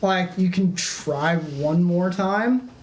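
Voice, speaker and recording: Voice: medium pitch, slow pace, a little mellow. Rambling game master in an echoey room. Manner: loose, rambling narration with frequent restarts and "like". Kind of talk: narrating a tabletop game. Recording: echoey room, faint background noise.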